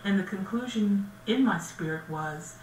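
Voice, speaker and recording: A woman co-host sharing a personal testimony, soft-spoken, steady and reflective. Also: mid-range voice, moderate pace. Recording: echoey room, distant mic, faint noise.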